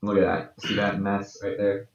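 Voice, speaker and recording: A man's voice: level tone, moderate pace, gravelly. A man co-hosting a podcast, chatting casually and muttering to himself as he works on a drawing. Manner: mutters to himself while working, low-key. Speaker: podcast co-host. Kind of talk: casual chat while drawing. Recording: echoey room, distant and dull mic.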